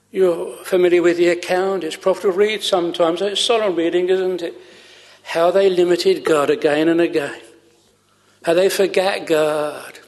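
A man preaching a sermon, earnest and measured, with long pauses and fervent exclamations. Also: sits high. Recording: long reverb of a chapel hall.

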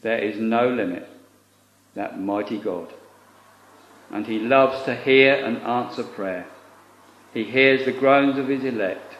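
A man's voice: mid-range voice, takes it slowly, long pauses, a bit bright. A man preaching a sermon in a solemn, earnest way, using old-fashioned scriptural phrasing. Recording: lo-fi recording in an echoey room.

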